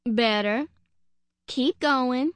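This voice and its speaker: A woman's voice: high-pitched, very slow, clean tone, no echo. A woman voicing a small female chick detective who talks bluntly and impatiently. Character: tough, no-nonsense little chick detective girl.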